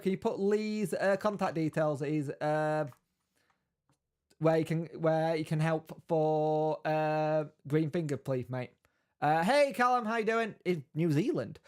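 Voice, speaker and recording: A man's voice: a little high, fairly even intonation, measured pace. A man hosting a casual live stream, greeting viewers by name and reading out news between chat.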